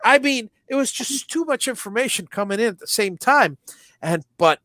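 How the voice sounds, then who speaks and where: A middle-aged man co-hosting a podcast, telling stories in a casual, animated way, acting out movie lines and often restarting his sentences. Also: extremely high pitch, moderate pace, dry recording, studio quality. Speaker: podcast co-host. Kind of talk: casual nostalgic chat.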